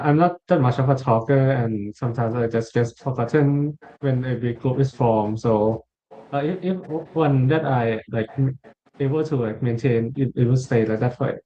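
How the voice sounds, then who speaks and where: A hesitant young man joins a student discussion, filling his pauses with "uh" and starting his sentences over. His voice is dark and mellow. The recording sounds dull and muffled, and his pitch is mid-range. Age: young adult. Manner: hesitant, many "uh" and restarts, quiet. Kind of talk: casual group discussion.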